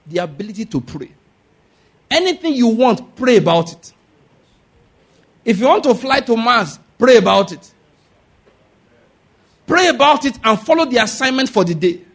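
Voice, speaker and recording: A man preaching a sermon, asking the congregation for amens and whether they follow. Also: high voice. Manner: animated preaching with call-and-response questions. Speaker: pastor.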